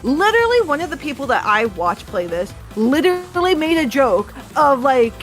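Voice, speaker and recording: High-voiced woman ranting emphatically. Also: sing-song, moderate pace, soft background music. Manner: emphatic, profane, rants with mocking put-on quotes. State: tipsy from drinking. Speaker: podcast co-host. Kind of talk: casual chat about a video game.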